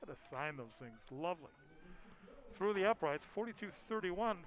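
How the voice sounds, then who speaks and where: A man calling a high school football game with folksy, chatty commentary, full of fillers and self-deprecating asides. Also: expressive, normal speed, fairly bright tone, rough recording. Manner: folksy, chatty, laughs at himself, lots of fillers. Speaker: play-by-play announcer.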